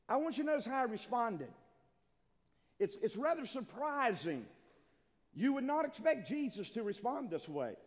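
A man preaching a sermon, swinging between quiet talk and loud, shouted appeals. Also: sits high. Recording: long hall reverb.

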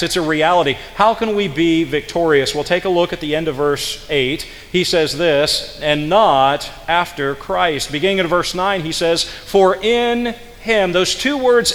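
Male preacher, kinda high voice, big echoey church hall, goes quiet and low then builds up loud, drags out the bible quotes. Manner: dramatic swings between soft low passages and loud emphatic peaks; slow, drawn-out delivery when quoting scripture. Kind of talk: sermon.

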